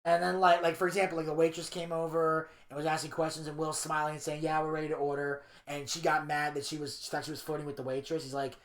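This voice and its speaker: Guy cohosting a podcast, crude and animated storytelling, echoey room. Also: a little high, quick pace, few pauses. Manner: crude, animated retelling of scenes. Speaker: podcast co-host. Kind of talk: casual podcast chat, reading a documentary narration.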